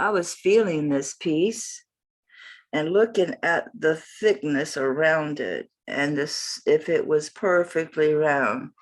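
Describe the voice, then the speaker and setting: A woman with a Southern accent, chatting in a folksy, rambling way as she sells jewelry in a casual home vlog. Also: low voice. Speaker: jewelry seller. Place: home, morning light.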